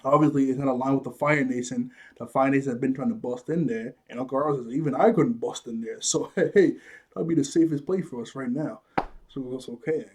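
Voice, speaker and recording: Husky man recapping with laughs. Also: mid-range voice, brisk. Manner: animated retelling, acts out quotes, laughs often. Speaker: show reviewer. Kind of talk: casual episode recap.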